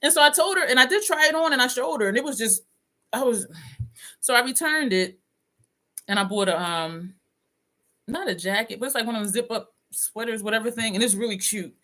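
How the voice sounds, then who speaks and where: A woman's voice: on the high side, a little fast, bright, forceful tone. A woman vlogger chatting casually, reading comments and laughing often. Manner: chatty, laughs often, drops into quoted voices. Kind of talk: casual chat with live comments.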